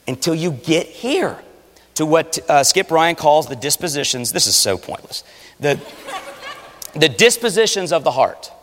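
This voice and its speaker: A man preaching a sermon, animated, swinging between loud urging and hushed asides. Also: fairly high pitch, vocal fry. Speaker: pastor. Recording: long reverb of a large hall. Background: audience.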